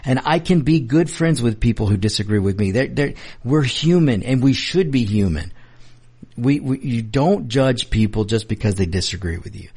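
A man hosts a political commentary show in an emphatic, repeating monologue, talking straight to his listeners as folks. His voice sits at a middling pitch with a husky, slightly rough edge. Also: expressive, moderate pace, darkish tone. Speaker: political talk show host.

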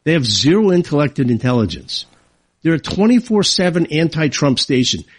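A man's voice: on the high side, sing-song, moderate pace, breathy edge, dry recording. A man hosting a talk show, delivering a combative, sarcastic political monologue. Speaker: radio talk show host.

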